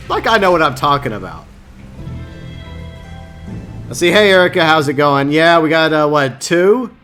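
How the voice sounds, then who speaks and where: Guy livestreaming a game, bright forceful voice kinda high, rambly and tripping over words, soft music under it. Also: sing-song, moderate pace, long pauses. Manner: rambling, stumbling over words, self-mocking. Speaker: live game streamer. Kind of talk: casual chat with viewers while gaming. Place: home streaming setup, Louisiana.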